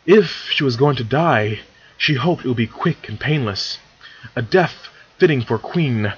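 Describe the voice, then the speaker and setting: A man's voice: mid-range voice, expressive, measured pace, lo-fi sound, a little hiss or hum. A man casually reading fan fiction aloud, stumbling over words and correcting himself as he goes. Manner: stumbling, self-correcting, chatty asides. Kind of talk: casual read-along narration.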